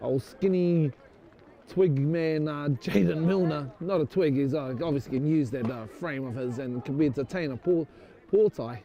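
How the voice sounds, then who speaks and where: A man's voice: on the high side, moderate pace, dark tone. A man giving casual, rambling, jokey commentary on a club rugby match from the sideline, often unsure of player names. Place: outdoors at a club rugby ground.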